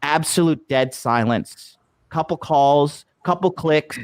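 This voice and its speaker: A man ranting through a travel story on a podcast, swearing freely and jumping into voices for the people he argued with. The sound is dry and close, with no room around him. He is loose and heated, and the story never slows down. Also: on the high side, clear, resonant tone, dry recording. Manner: profane, animated retelling with acted quotes. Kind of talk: casual storytelling. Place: lives abroad in Japan.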